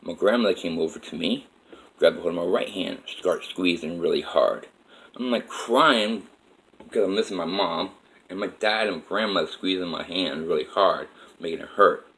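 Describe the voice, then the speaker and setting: A man's voice: sits low, moderate pace, a bit bright, poor audio. A man telling a personal story in a rambling, repetitive way with many "like" fillers.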